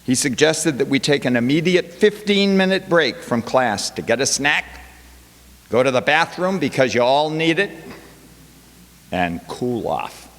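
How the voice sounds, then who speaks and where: A man's voice: mid-range voice, very animated, measured pace, a bit bright. A male professor giving a chapel talk, telling a classroom story with wry quoted asides. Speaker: guest speaker, professor. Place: college chapel. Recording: long hall reverb.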